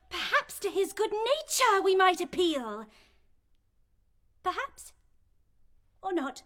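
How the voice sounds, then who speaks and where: A man's voice: extremely high pitch, very animated, takes it slowly, bright, forceful tone, voice pushed up, heavily acted. A man putting on the voice of a fretful, timid woman in a rhyming stage play.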